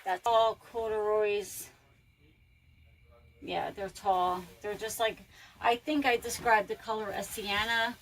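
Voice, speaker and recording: A woman's voice: medium pitch, steady tone, slow, rough recording. A woman reseller chatting casually and telling rambling stories while she packs orders. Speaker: reseller vlogger. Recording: loud background noise.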